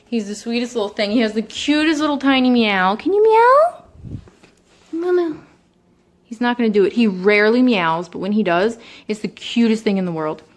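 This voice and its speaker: A young woman casually introducing her pet cats at home, chatty, sometimes slipping into high baby talk for them. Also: fairly quick. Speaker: vlogger. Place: home, indoors.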